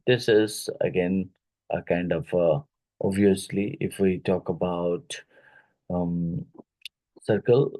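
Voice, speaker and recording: A man with an Indian English accent leads an exam-prep phonetics lesson at an unhurried pace. His voice sits fairly low and sounds mellow and dark. He hesitates often and repeats each word slowly to show how it is said. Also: low-quality recording. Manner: halting, many fillers, repeats words slowly to model pronunciation. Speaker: English teacher.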